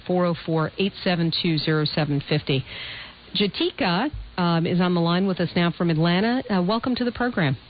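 A woman hosting a talk radio show, speaking attentively and smoothly with callers. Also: on the low side. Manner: warm, attentive, smooth host patter. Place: radio studio. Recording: dull radio broadcast with faint noise.

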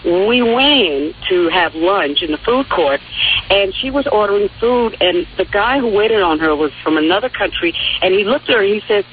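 A woman's voice: mid-range voice, normal speed, a little hiss or hum. Woman caller, from New York City, heartfelt storytelling, tinny phone line. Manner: heartfelt storyteller, lively voices when quoting. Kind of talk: phone-in call to talk radio. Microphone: telephone.

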